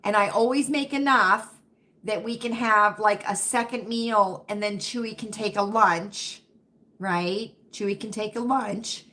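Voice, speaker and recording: Chatty woman with a bright voice. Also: medium pitch, fairly even intonation, measured pace. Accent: faint Southern US. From Virginia, US South. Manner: chatty, keeps asking viewers "right?" and "you know what I mean?". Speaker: livestream host reading chat. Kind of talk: casual livestream chat.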